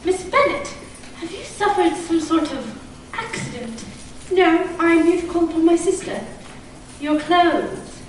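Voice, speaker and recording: A young actress in a stage play playing a spirited young woman, flustered and halting, heard from far off in an echoey hall. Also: very high voice.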